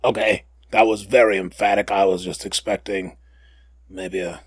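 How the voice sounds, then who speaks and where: A man's voice: on the low side, fairly even intonation, moderate pace, breathy edge, no echo. A man hosting a casual podcast, rambling and joking with lots of fillers and self-corrections. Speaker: podcast host.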